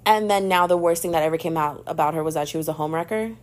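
A woman's voice: low voice, very fast. A young woman hosting a podcast, ranting in a casual, exasperated way and calling the listener babes. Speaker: podcast host.

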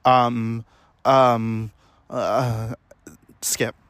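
A man's voice: medium pitch, flat delivery, drawn-out words, a bit bright, smooth. Joking young man hosting a podcast. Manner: joking, blunt, swears casually. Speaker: podcast host. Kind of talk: casual podcast chat.

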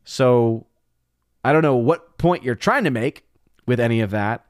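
A man's voice: medium pitch, animated, measured pace, dry recording, studio quality. A man hosting a casual livestream, reading viewer comments aloud and answering them with amused, chatty asides. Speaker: livestream host reading chat.

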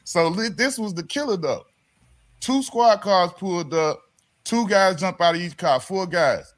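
High-voiced man telling a lively story. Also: measured pace. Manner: animated, slangy, laughs through the story. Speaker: podcast guest, former pro basketball player. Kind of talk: casual storytelling in a conversation.

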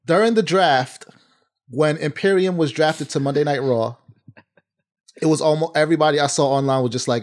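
Guy calling in from his home studio, slightly high voice, laid-back explaining. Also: normal speed. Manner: easygoing, explanatory. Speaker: podcast co-host. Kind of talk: casual chat.

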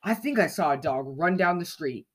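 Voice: mid-range voice, expressive, normal speed, a bit bright. A storyteller voicing a nervous, guilty male dog in a children's storybook, in a worried, pleading way. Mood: anxious.

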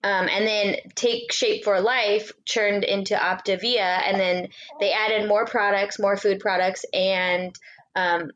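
A woman co-hosting a podcast, explaining things in casual chat with many ums and pauses. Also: mid-range voice, fairly even intonation, a bit bright, lo-fi sound, a little hiss or hum. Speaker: podcast co-host.

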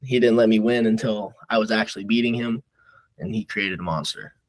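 A young man with a lowish voice talks casually as a podcast guest. He rambles through his stories, leaning on filler words and restarts. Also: steady tone, brisk, rough recording. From Nebraska. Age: young adult. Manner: rambling, filler-heavy storytelling. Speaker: guest wrestler.

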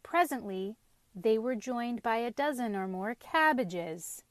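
A woman reads a children's storybook aloud, lively and expressive, with a fairly high voice. The recording is close and dry, with no room sound. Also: slow, dry recording. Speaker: narrator.

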